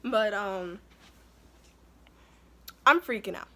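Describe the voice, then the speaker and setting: A woman's voice: medium pitch, very slow, a bit bright. A young woman casually telling a story about her labor in a chatty, rambling way, sometimes breaking off to talk to her toddler. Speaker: vlogger telling a birth story.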